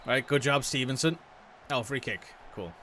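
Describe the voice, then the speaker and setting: Bright-voiced man chatting through a football game. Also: medium pitch, moderate pace, a little hiss or hum. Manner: chatty, thinks aloud, reacts to match play. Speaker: gaming streamer. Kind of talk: casual let's-play commentary.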